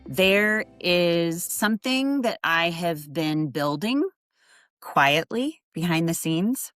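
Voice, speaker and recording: A woman with a lowish voice hosts her podcast in an earnest, reflective monologue. She lets her feelings show as she talks. The recording sounds dry and close, with soft music underneath. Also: lively intonation, takes it slowly, no room sound. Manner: earnest, reflective, openly emotional. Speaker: podcast host and adoptee coach.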